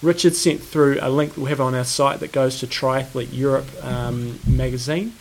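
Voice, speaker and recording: A man co-hosting a podcast in a relaxed, rambling chat full of fillers. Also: mid-range voice, moderate pace. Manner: laid-back, rambling with fillers. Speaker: podcast co-host. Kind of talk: casual chat.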